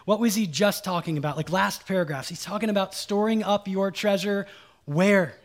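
A man's voice: high voice, normal speed. A man preaching a sermon as pastor, emphatic and informal, repeating key lines and quizzing the congregation. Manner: folksy, informal asides.

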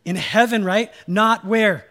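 A male pastor preaching a sermon with a somewhat high voice. He leans on key phrases and says them twice, and he drops folksy asides. He keeps firing questions at the congregation. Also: fairly even intonation, slow, a bit bright. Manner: emphatic, repeats key lines, quizzes the congregation.

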